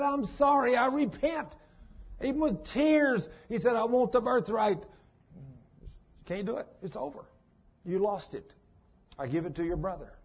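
Folksy husky-voiced man preaching. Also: fairly high pitch, highs cut off. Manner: folksy, dramatic storytelling with sudden shouts. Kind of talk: sermon.

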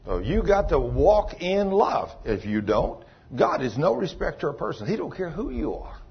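A man preaching a sermon as pastor, telling a story and acting out the dialogue, swinging between loud and soft. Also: on the high side, very animated, normal speed, slightly rough, highs cut off.

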